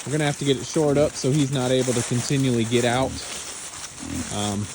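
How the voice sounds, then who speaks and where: A man's voice: mid-range voice, fairly quick. A man who runs a small farm, casually narrating a vlog while walking his wooded pasture and chatting to his animals. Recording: outdoor ambience with clear background noise.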